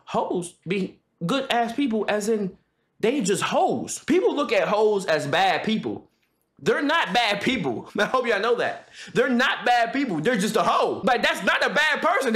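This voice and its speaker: A man livestreaming, ranting loudly and profanely in casual talk, joking and laughing. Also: sits high, reverberant. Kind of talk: casual stream rant.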